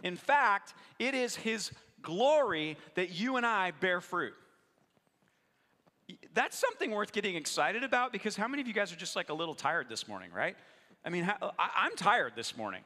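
Male pastor, bright tone, lively sermon delivery with asides to the congregation, reverberant church hall. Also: high-pitched, moderate pace. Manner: animated, jokes with the congregation.

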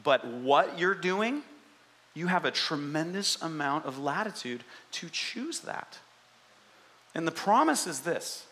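A man pastor preaching a sermon in an animated, conversational way, often asking the congregation questions. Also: fairly high pitch, slow.

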